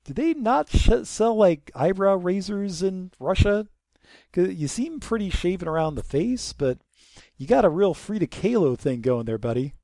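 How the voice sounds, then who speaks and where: Young male let's-play voice, sarcastic and lively, slightly high, dry close mic. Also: normal speed, no echo. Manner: joking, sarcastic, drops to a mutter while sneaking. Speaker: gameplay commentator. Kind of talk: casual let's-play commentary.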